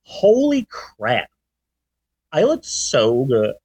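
A man in his forties hosting a podcast, chatting casually and telling stories in an animated way. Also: medium pitch, extremely slow, breathy edge. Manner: animated storyteller, does sound effects. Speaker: podcast host. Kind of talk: casual chat.

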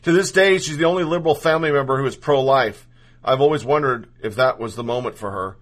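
A man's voice: medium pitch, fast, fairly bright tone. A man reading a personal story aloud in the first person, earnest and emotional.

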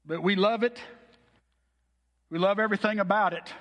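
High-voiced pastor in a reverberant hall. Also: male voice, fairly even intonation, normal speed, fairly bright tone. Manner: earnest, heartfelt storytelling. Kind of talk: sermon.

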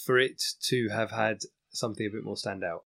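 A man's voice: on the low side, fairly even intonation, a little fast, gravelly, fairly bright tone. A man taking a guitar lesson, answering with short agreeable replies and reflecting on his playing. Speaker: guitar student. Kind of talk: casual lesson chat.

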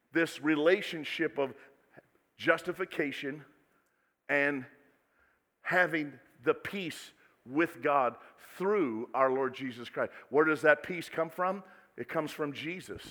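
Male preacher, bright and slightly high, with dramatic swings in volume, recorded in a reverberant hall. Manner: dramatic swings from soft asides to loud exclamations. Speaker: pastor. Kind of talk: sermon. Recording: echoey hall with long reverb.

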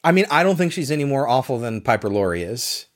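Enthusiastic male podcast co-host, casual film chat, mid pitch, profane. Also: very animated, fast talker. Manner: enthusiastic, profane, acts out quotes.

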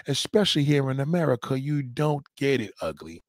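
A man's voice: medium pitch, big pitch swings, a little fast, hardly any pauses, dry recording, clean studio sound. A man hosting a livestream, mocking and heckling a guest in a clip with profane, repetitive commands. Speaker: livestream host reacting to a clip. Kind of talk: profane live commentary.

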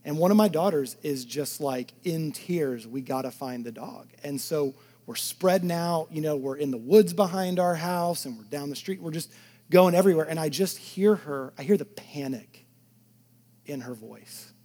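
A male pastor with a fairly high voice preaches at a moderate pace, swinging between loud, emphatic lines and hushed near-whispers. He drops chatty asides to the congregation.

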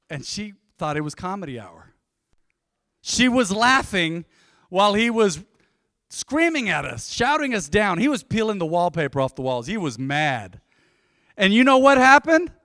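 A man's voice: high voice, sharp tone, dry recording, clean studio sound. A man in his forties preaching a sermon, telling stories and calling out to the congregation to answer him. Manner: storytelling, calls out to the congregation. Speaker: pastor.

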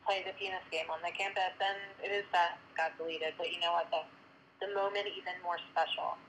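A woman's voice: on the low side, steady tone, brisk, a bit bright, slight background noise, rough recording. A woman from Delaware County co-hosting a casual podcast, laid-back and swearing casually. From Delaware County, Pennsylvania. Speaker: podcast co-host.

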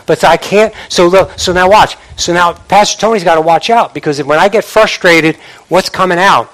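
A man preaches a sermon in a notably high voice. He is animated and repeats words for emphasis, and he now and then mimics the empty chatter he warns about. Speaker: pastor.

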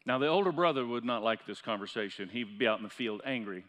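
A pastor preaching a sermon in a church, building up to loud, impassioned peaks. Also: male voice, medium pitch, fast talker. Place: church sanctuary. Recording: church hall reverb.

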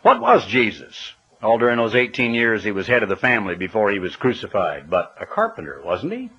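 A man's voice: on the low side, wildly swooping pitch, a little fast, sharp tone, husky, lo-fi sound. A man preaching a sermon, emphatic and full of rhetorical questions, sometimes spelling words out letter by letter.

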